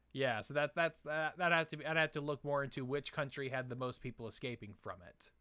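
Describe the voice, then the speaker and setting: Smooth-voiced man hosting a live stream. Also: medium pitch, moderate pace, pushed and bright, no room sound. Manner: hesitant, many fillers and restarts. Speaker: live stream host answering chat questions.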